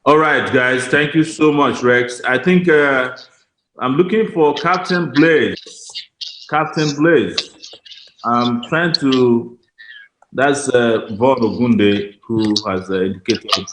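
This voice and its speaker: A man moderating an online rally, calling on speakers in a halting, filler-heavy way. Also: medium pitch, noisy background. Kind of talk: hosting a video call. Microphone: video call. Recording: roomy call audio.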